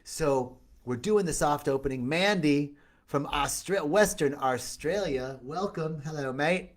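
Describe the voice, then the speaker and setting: A man's voice: a little high, unhurried. A man hosting a loose, upbeat live stream, greeting viewers by name as he talks. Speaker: retreat host. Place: outdoor retreat in tropical setting.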